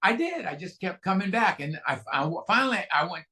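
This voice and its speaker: Candid, high-voiced man telling his story. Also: big pitch swings, a little fast, sharp tone. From California, USA. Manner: candid, self-mocking storytelling with frequent fillers and restarts. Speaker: guest speaker at a recovery meeting. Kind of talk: personal recovery share.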